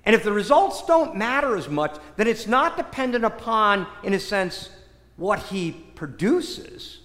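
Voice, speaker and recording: Animated, high-voiced preacher in an echoey hall. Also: male voice, unhurried. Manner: conversational, asks the listeners rhetorical questions. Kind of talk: conversational sermon. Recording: echoey hall with long reverb.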